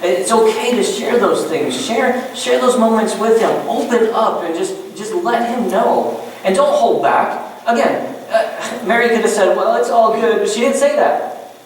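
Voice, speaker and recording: Pastor, male, animated preacher with joking asides; recorded from a distance in an echoey church with light noise. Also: sits high, unhurried. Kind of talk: sermon. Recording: echoey church room from far off.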